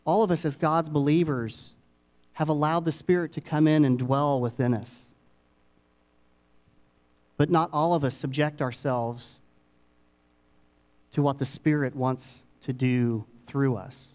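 A middle-aged male pastor delivers a sermon in a slightly high voice. He lets phrases hang with dramatic pauses, falling into quiet, confiding asides before lifting to emphatic peaks. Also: fairly even intonation. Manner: dramatic pauses, swings between hushed and emphatic.

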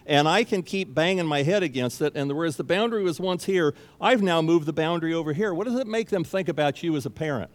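A man preaching a sermon as pastor, speaking emphatically and repeating key phrases for stress. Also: fairly high pitch. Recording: long reverb of a large hall.

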